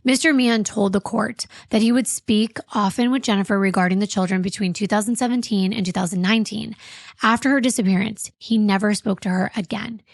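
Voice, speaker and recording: Expressive woman hosting a true crime podcast. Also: medium pitch, a little fast, gravelly, dry recording, clean studio sound. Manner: expressive, reacting with indignation. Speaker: podcast co-host.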